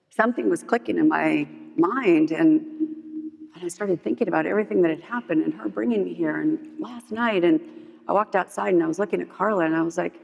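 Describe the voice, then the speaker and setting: A woman's voice: fairly quick, gravelly, husky, lo-fi sound. Candid woman telling her story in a hall. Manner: animated storyteller who acts out others' lines in a higher voice; frequent "like" fillers, candid and humorous. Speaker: speaker sharing her recovery story. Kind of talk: personal testimony at a recovery meeting. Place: large meeting hall with long reverb. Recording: reverberant hall recording.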